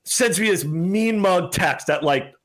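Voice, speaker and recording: A man's voice: high-pitched, animated, measured pace, fairly bright tone. A man telling a story in casual chat, heated and swearing a lot.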